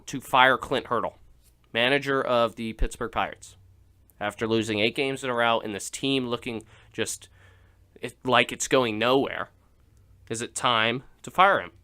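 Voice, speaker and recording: A man's voice: mid-range voice, bright, forceful tone, smooth. A young man hosting a radio show, rambling through a joking monologue with laughs and restarts. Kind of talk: casual comedic monologue.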